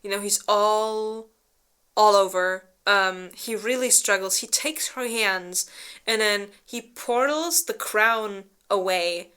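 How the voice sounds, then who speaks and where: Presenting a slideshow plot summary for her book club, this co-host speaks slowly in a medium-pitched, sharp, clear and resonant voice. She rambles, restarts and fills her speech with fillers, swears freely, and performs characters' lines in exaggerated voices.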